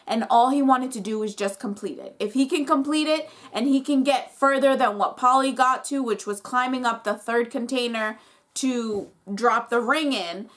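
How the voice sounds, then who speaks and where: A woman's voice: fairly high pitch, a bit bright. A woman vlogger recapping a reality competition episode in a casual, opinionated way, fired up and full of "like".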